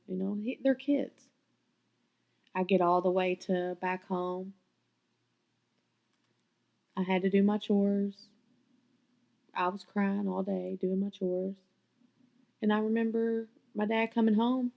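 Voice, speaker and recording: A woman's voice: medium pitch, vocal fry, highs cut off. A woman hosting her own podcast, telling her life story in a raw, candid way and swearing freely. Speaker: podcast host. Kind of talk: confessional personal storytelling.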